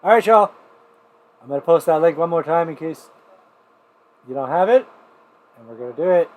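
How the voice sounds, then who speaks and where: A man's voice: on the high side, lively intonation, moderate pace. Profane, rambling man hosting a livestream. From New Mexico. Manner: profane, digressive storytelling, swings loud and soft. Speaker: livestream showcase host. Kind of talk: rambling casual livestream chat. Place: home.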